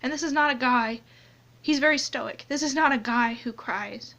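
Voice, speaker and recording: Tearful high-voiced young woman confiding. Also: bright, forceful tone. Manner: halting, many restarts and trailing off. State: tearful, crying on and off. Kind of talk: anonymous confessional vlog. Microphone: phone camera close up, only a hand in frame. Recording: dull lo-fi phone audio.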